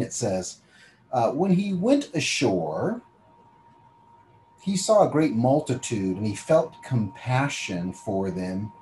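A man preaching a Bible teaching sermon. He reads scripture slowly, then explains it in plain conversational talk and invites listeners to picture themselves in the story. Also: mid-range voice, dark tone, a little hiss or hum, low-quality recording.

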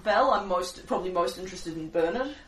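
A woman's voice: lowish voice, expressive, fast, a little hiss or hum. A woman playing a tabletop game, chatting and laughing as she sorts out who plays whom. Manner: chatty and laughing, hands out roles. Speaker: player. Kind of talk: casual chat at a game table. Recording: roomy, distant mic.

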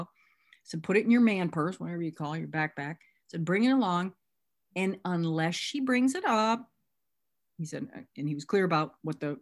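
Woman, middle-aged, slightly low voice, lively storyteller, plays out both sides of conversations. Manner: animated storyteller, acts out both sides of dialogue. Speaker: workshop speaker. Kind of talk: recounting a sponsorship story.

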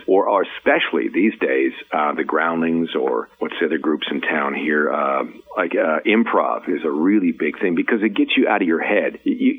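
A man's voice: sits low, phone-quality sound. A middle-aged man, a voice actor, giving rambling advice in a podcast interview, with casual swearing and many restarts. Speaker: voice actor guest.

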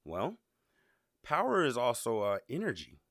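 Man, podcast host, emphatic and conversational, very expressive intonation. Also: mid-range voice, unhurried, dry recording, clean studio sound. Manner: conversational, emphatic, repeats words when worked up. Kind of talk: casual motivational monologue.

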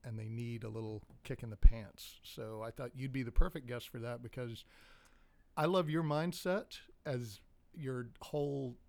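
A man's voice: mid-range voice, normal speed, creaky, darkish tone. A man co-hosting a podcast in casual chat, joking and rambling, laughing often. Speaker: podcast co-host.

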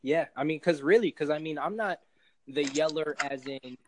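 A man who coaches youth sports, talking animatedly on a podcast and sometimes shouting out sideline calls. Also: fairly high pitch, moderate pace, a little hiss or hum, low-quality recording. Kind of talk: casual podcast chat.

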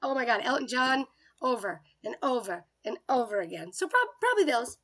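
A woman's voice: a little high, very animated, brisk, a bit bright. A woman co-hosting a chat podcast, talking in a chatty, upbeat, rambling way. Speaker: podcast co-host. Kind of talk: casual chat.

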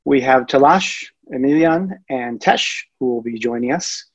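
A man's voice: mid-range voice, a little slow, breathy edge, lo-fi sound. A man hosting a show on a video call, politely moderating and moving to the next guests. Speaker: show host.

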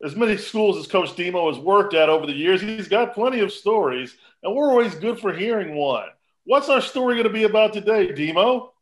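A man with a high, lively voice that swings up and down co-hosts the podcast. He asks long, searching questions and drops a joking aside now and then. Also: fairly quick, low-quality recording. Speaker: podcast co-host. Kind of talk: casual podcast chat.

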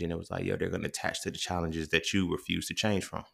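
A man's voice: low-pitched, fairly even intonation, fast talker, creaky, few pauses. A man, hosting a podcast and musing in a casual, profane, rambling monologue full of restarts. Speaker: podcast host. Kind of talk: impromptu monologue.

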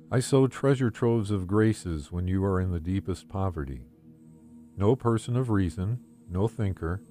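A man reading a devotional text aloud in the first person, in a calm, gentle and measured way. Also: fairly low pitch. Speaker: devotional reader.

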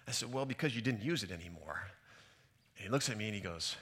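Fairly quick and sharp-toned, with a mid-range voice, a middle-aged pastor reflects earnestly through a sermon and personal anecdotes. The recording comes from a stage mic in a large church hall, so hall reverb fills the sound.

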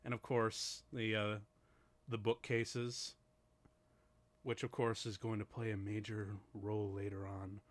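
A man co-hosting a casual chat about a film, laughing often and talking in halting bursts with lots of fillers. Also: fairly low pitch, little pitch movement. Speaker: co-host reacting to a film.

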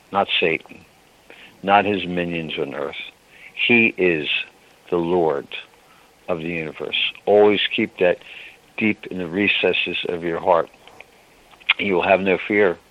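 Slow, deep-voiced man on devotional radio. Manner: slow, tender and pleading, emotional. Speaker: radio ministry host. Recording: dull lo-fi radio broadcast.

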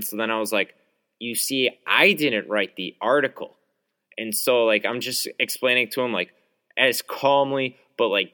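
A man's voice: lowish voice, sharp tone. A young man hosting a podcast, telling a story in a rambling, filler-heavy, heated way. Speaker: podcast host. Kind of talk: casual storytelling monologue.

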